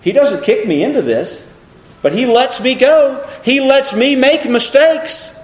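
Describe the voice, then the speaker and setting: A man's voice: very high voice, unhurried, reverberant. A man preaching a sermon, reading scripture and asking his listeners rhetorical questions. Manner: animated, asks the congregation rhetorical questions.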